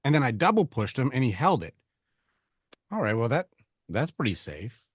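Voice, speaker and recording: A man's voice: mid-range voice, very animated, normal speed, breathy edge, no echo. Man, coaching talk, blunt, swears, acts out arguments, dry close sound. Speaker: relationship coach. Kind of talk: coaching conversation.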